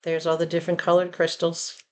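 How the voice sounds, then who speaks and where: A woman with a Southern American accent chatting casually and expressively to her viewers from home. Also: a little fast. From Southern United States. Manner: chatty and expressive, rising to animated pitch when excited. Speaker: vlogger. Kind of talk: casual chat.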